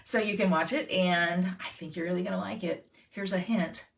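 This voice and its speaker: A woman's voice: on the low side, steady tone, moderate pace, creaky. A middle-aged woman, chatting through a craft tutorial and talking straight to her viewers. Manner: bubbly, self-deprecating, talks to viewers. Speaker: crafting channel host.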